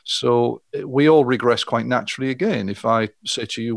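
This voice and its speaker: A man's voice: on the low side, brisk, creaky, few pauses, no echo, studio quality. A middle-aged man, a hypnotherapist, explaining his work step by step in an interview. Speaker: hypnotherapist guest.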